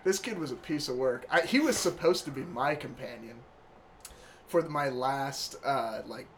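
A man's voice: medium pitch, moderate pace, slight background noise. A young man telling stories in a loose, profane, laughing way during a casual chat. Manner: profane, laughing, animated retelling.

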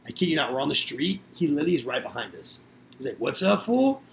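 A man's voice: medium pitch, animated, racing, vocal fry, a little hiss or hum. A young man telling rowdy, profane stories in a casual podcast chat, acting out what others said. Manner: rowdy, profane storytelling with acted-out quotes. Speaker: podcast guest storyteller.

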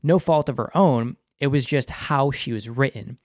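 A man's voice: medium pitch, moderate pace, dry recording, clean studio sound. Enthusiastic male TV reviewer, Boston accent. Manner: enthusiastic, talks about himself in third person. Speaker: TV review host. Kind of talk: casual episode review.

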